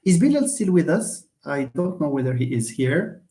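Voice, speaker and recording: Male English teacher, running a live lesson; slightly high voice, animated, with an echoey room sound. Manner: lively, switches between fast asides and slow syllable-by-syllable explanation. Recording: roomy echo.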